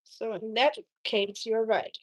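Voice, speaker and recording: Chatting with her viewers, a young German woman runs a laid-back cooking live stream and reads their messages aloud, often filling gaps with "um." She talks slowly in a slightly high, steady voice.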